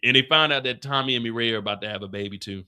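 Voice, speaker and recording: A man's voice: mid-range voice, rapid-fire, sharp tone, clear, resonant tone, dry recording, studio quality. A man hosting a live show recap, telling the story with lots of energy and breaking into voices and sound effects.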